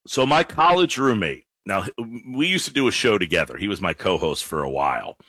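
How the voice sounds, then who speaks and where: A man hosting a call-in sports radio show, talking with callers and listeners in an animated way. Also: low voice, no room sound. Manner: lively, animated, quick play-by-play bits. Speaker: radio sports talk host.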